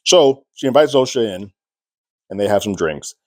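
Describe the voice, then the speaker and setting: Low-voiced man chatting through a TV review. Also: normal speed, dry recording, clean studio sound. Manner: chatty and animated, laughing at the story. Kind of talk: casual spoken episode review.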